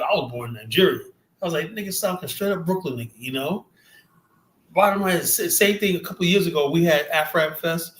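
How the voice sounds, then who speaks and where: A man's voice: a little high, a bit bright, roomy sound, poor audio. A man from the United States hosting a heated casual debate, talking emphatically in a streetwise way and cutting in to press his points. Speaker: host.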